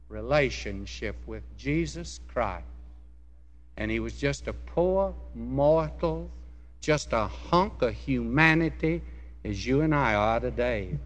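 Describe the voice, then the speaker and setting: Male preacher, unhurried sermon delivery, medium pitch, long hall reverb. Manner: slow, deliberate preaching that swells when quoting scripture.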